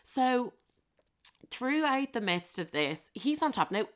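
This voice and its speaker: A young woman with an Irish accent telling a story in a brash, profane, animated way on a podcast. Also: fairly high pitch, takes it slowly. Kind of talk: casual anecdote storytelling.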